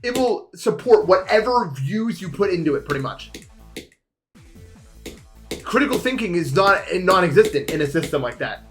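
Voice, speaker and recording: A young man streaming, chatting casually with viewers in a rambling, animated way. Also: sits high, normal speed, long pauses, soft background music. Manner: rambling, animated, swings into shouting.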